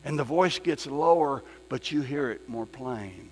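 A man preaching a sermon as pastor, folksy, repeating his phrases and swinging from loud to hushed. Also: mid-range voice, expressive, unhurried. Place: church sanctuary. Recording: long reverb in a church hall with soft music behind.

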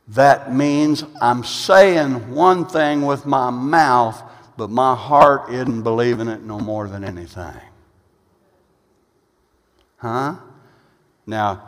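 A male pastor preaching a sermon, emphatic, swinging from loud bursts to low asides and repeating phrases as he builds. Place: church sanctuary. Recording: long reverb of a church hall.

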